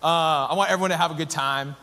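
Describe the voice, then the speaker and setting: A man in his thirties, a pastor giving a conversational, self-deprecating and animated sermon. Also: on the high side, fast talker.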